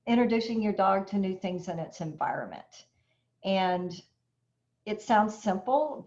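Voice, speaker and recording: A woman's voice: medium pitch, darkish tone. A woman dog trainer teaching an online puppy class in a chatty way, explaining with everyday examples. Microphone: video call. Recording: dull lo-fi video call audio.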